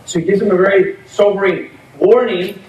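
A man with a high voice gives a lively, chatty sermon, laughing at his own points. He is picked up from some distance in an echoey room with a faint hiss underneath. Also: normal speed, highs cut off. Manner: animated, conversational preaching with laughs. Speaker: pastor.

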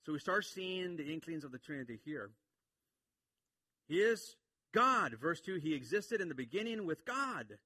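A man preaching a sermon, swinging from quiet explanation to emphatic points. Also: on the high side, big pitch swings, brisk, hardly any pauses, slightly rough, dry recording. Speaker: pastor.

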